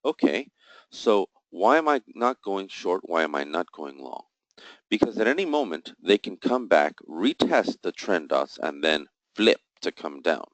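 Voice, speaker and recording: A man with a very low voice leads a live trading lesson, recorded close and completely dry with no room sound. He explains each chart setup methodically, quizzing himself aloud and answering, and throws in emphatic, jokey asides. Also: big pitch swings, unhurried, no room sound, poor audio. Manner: explains step by step, asks and answers his own questions. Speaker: trading instructor. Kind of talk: live trading session walkthrough.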